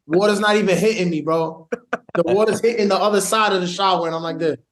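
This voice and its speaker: A man with a New York accent talking in a loose, slangy way, often restarting his sentences. His voice sits fairly high for a man. It sounds like a relaxed podcast interview. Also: quick pace. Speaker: guest actor. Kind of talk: casual interview chat.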